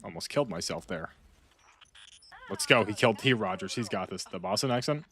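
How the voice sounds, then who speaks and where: A man chatting casually while playing a game, rambling and repeating himself, with sudden loud outbursts. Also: fairly low pitch, lively intonation, fairly quick, a little hiss or hum. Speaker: gaming streamer. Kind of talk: casual gameplay chat.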